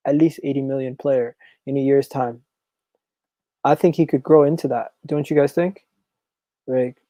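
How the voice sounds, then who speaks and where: Gravelly-voiced man hosting a football stream. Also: on the high side, no echo, rough recording. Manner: repetitive, restarts phrases, animated and chatty. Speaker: football channel host. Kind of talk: live stream chat reading comments.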